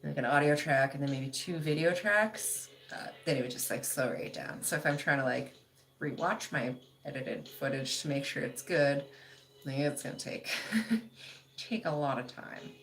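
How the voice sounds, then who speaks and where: A woman's voice: deep voice, moderate pace. A woman hosting a casual livestream, chatting loosely with lots of "like" and laughing often as she reads viewer comments. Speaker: livestream host.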